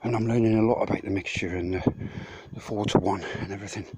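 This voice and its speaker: Out of breath while hauling loads uphill on a mountain path, a man vlogs casually to his viewers, rambling and swearing freely. His voice is fairly low with fairly even intonation and a fast delivery, captured in a noisy outdoor phone recording.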